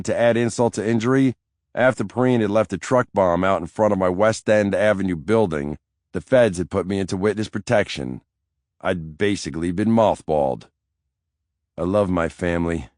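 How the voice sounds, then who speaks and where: Deep-voiced man narrating an audiobook. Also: a little mellow, dry recording, studio quality. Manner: sardonic, brooding. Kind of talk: scripted first-person narration.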